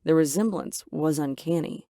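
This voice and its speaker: A woman narrating a first-person story with dramatic, expressive delivery. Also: deep voice, moderate pace, gravelly, dry recording, studio quality.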